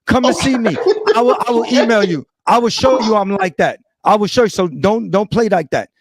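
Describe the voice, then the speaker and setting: A man's voice: high voice, a little fast, no echo. A man from Brooklyn, arguing combatively as a guest in an online debate. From Brooklyn, New York. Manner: combative, repetitive, confrontational.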